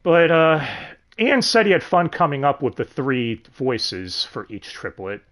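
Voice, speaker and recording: A man hosting a casual, profane review of an anime dub, sardonic and quick to laugh. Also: a little high, big pitch swings, a bit bright. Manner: sardonic, swears freely, laughs often.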